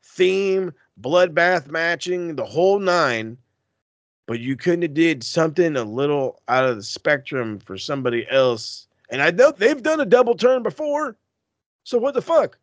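Co-hosting a wrestling podcast, a man chats casually, animated and profane, acting out quotes with big leaps in pitch. He speaks a little slowly, and the recording is dry.

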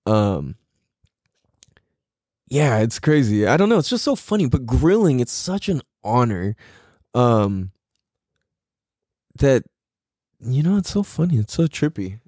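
Animated, laughing man riffing casually. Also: medium pitch, slow, long pauses, no echo, clean studio sound. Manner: animated, laughs often, swears freely, slangy. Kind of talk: casual comedic monologue.

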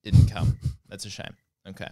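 A man's voice: normal speed, dark tone. A man co-hosting a comedy podcast, joking around and laughing often as he talks. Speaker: podcast co-host. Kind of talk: casual comedy chat.

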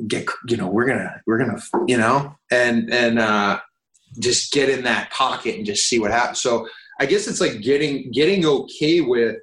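A man's voice: mid-range voice, fairly bright tone, echoey room, poor audio. A man, an actor and guest, talking in a rambling, candid, self-deprecating way with casual swearing.

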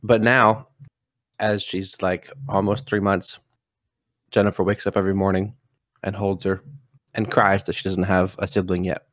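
A young man, a father and podcast co-host, chatting casually in a relaxed, rambling way. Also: deep voice, moderate pace, long pauses, dry recording, clean studio sound. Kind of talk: casual chat.

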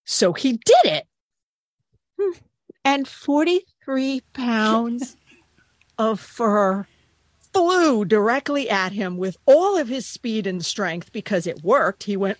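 A woman's voice: on the high side, animated, slow pace, dry recording. A woman on a podcast telling a funny story casually, acting out voices and swearing freely. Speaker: podcast co-host, dog groomer.

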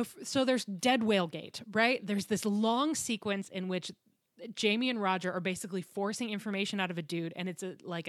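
A woman in casual podcast chat, retelling a story with lots of laughter and the odd swear word. Her voice sits at a middling pitch. It is recorded dry and close, with no room sound. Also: fairly bright tone, no echo. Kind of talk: casual book recap chat.

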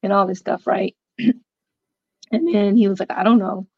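A woman's voice: mid-range voice, fairly even intonation, moderate pace, no room sound, lo-fi sound. A woman guest on a podcast, recounting her own story in a loose, conversational way with many fillers and quoted dialogue. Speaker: interview guest. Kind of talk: personal storytelling in a podcast interview.

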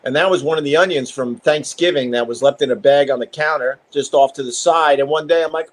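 A man's voice: fairly high pitch, a little fast, few pauses. Hyped-up, rambling middle-aged man talk host. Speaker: radio host doing a live stream. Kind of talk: casual live-stream chat. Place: at home.

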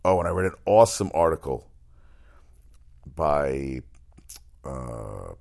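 A man with a very low voice full of gravel and vocal fry talks through sports news in a loose, unscripted monologue. He rambles, stumbles over names and restarts his sentences. He swears freely. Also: animated, takes it slowly, a little mellow. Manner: rambling, profane, frequent restarts; exasperated outbursts. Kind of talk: casual sports chat monologue.

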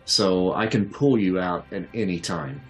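A man with a very low voice narrates a tabletop role-playing game as its game master. He talks in an easygoing way, often pausing on filler sounds, while soft music plays underneath.

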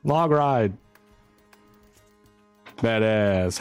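Lively man running a tabletop game. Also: mid-range voice, a little fast, dry recording, faint music behind. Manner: energetic, chatty, swings into excited whoops. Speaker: game master. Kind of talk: livestreamed tabletop game narration.

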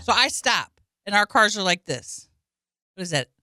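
A woman telling a story in casual podcast chat, animated and often laughing. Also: mid-range voice, moderate pace, no echo, studio quality.

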